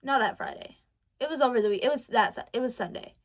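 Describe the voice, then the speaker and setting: A teenage girl telling a diary-style vlog story, animated and dramatic, often correcting herself mid-sentence. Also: fairly high pitch, quick pace. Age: teens. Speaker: vlogger.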